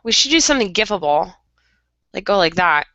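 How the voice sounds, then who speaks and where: A woman's voice: mid-range voice, very animated, fairly quick, a bit bright, no room sound, highs cut off. A woman co-hosting a podcast over a video call, rambling in a melodramatic, chatty way. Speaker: podcast co-host. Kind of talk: casual chat.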